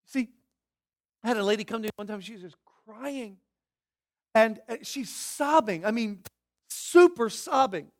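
A preacher with a very high voice delivers a sermon. He works through his points one by one and hits key words hard. Between those stresses he drops to hushed, searching questions. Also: lively intonation, a little slow, pauses often. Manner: emphatic, swinging from shouted stresses to hushed questions; teaching in numbered points. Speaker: pastor.

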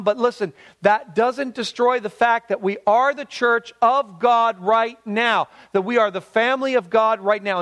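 A man with a fairly high voice preaching a sermon in a church. He talks in an animated, conversational way, stretching words out for emphasis, and his voice sinks lower when he reads scripture. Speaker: pastor.

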